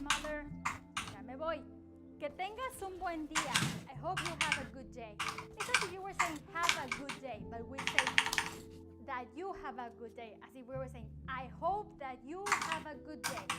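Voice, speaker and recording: High-voiced woman teaching phrases. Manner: repeats each phrase slowly in both languages. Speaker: Spanish teacher. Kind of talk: bilingual phrase lesson. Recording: loud music behind the voice.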